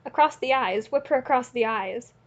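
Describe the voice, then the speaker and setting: A woman's voice: on the high side, normal speed, natural voice. A woman voicing a brutal, drunken peasant man who bellows in fury, in an audiobook reading with a slightly muffled recording. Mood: furious. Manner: bellowing, raised and harsh.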